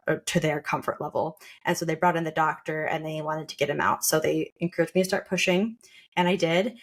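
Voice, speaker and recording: Chatty young woman telling a story. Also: deep voice. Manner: chatty, with frequent "like" fillers and quoted asides. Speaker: podcast host sharing her birth story. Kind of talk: casual conversational storytelling.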